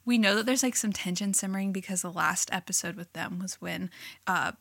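A woman's voice: lowish voice, a little fast, vocal fry, fairly bright tone, husky, no room sound. A woman co-hosting a podcast in casual chat, talking with lots of "like" fillers and laughing easily. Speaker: podcast co-host.

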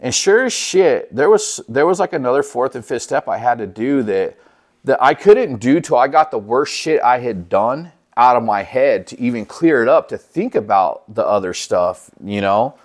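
A man's voice: medium pitch, expressive, normal speed. A man sharing his recovery story in a casual, profane way, acting out what people said. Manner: profane, laid-back, acts out quoted dialogue.

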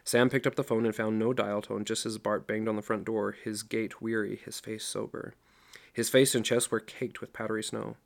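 Man narrating a novel, gravelly voice, flat even delivery, steady storytelling read. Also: on the low side, normal speed. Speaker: audiobook narrator. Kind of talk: scripted narration.

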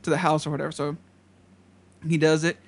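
A man's voice: on the high side, little pitch movement, brisk. A young man telling a long, laughing, profane story in casual chat among friends.

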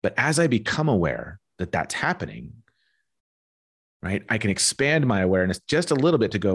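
A man's voice: low voice, very animated, brisk, breathy edge. A young adult man talking frankly and reflectively in a podcast conversation, swearing casually as he goes. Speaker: guest.

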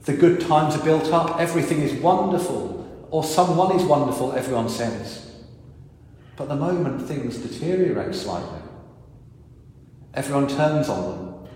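A man's voice: fairly high pitch, expressive, normal speed, a little mellow, a little hiss or hum. A man, a priest giving a sermon, telling stories and acting out reactions and dialogue as he goes. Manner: storytelling, acts out crowd reactions and dialogue. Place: large church. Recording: very echoey church with long reverb.

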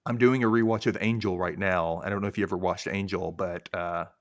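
A man's voice: low-pitched, fairly even intonation, a little fast, no echo. A young man hosting a podcast, casually recapping a TV episode and acting out characters' lines in exaggerated voices. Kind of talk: casual chat.

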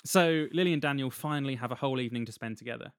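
A man's voice: medium pitch, rapid-fire, dry recording. Man recapping a film, chuckling. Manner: retells plot with dry humor, laughs often. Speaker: podcast co-host recapping a film. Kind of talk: casual chat.

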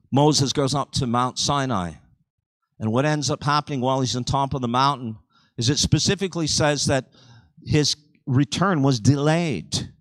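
A man preaching a sermon, acting out God and the people in lively, rising outbursts. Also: no echo. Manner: animated preaching, voicing God and the people with big pitch jumps.

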